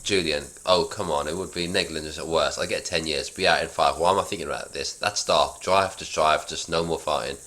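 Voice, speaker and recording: Dude reading his own script out loud, super deep voice, bright and punchy, rambling asides. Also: fairly even intonation, fairly quick, few pauses. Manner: rambling, self-deprecating. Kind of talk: casual script read-through with commentary.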